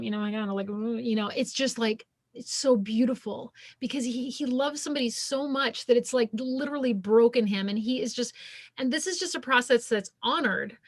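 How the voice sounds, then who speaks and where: A middle-aged woman speaks as a podcast guest, her voice sitting a little high. She tells stories earnestly, full of likes and you-knows. The recording is dry and close, with almost no room sound. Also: no room sound. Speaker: podcast guest, shamanic healer and former physician. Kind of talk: casual interview chat.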